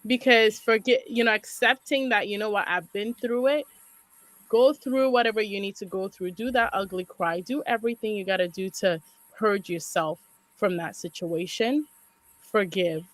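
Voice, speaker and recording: A woman's voice: mid-range voice, moderate pace, a bit bright, low-quality recording. A woman guest on a talk show giving relationship advice, stressing and repeating her key points. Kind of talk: casual chat.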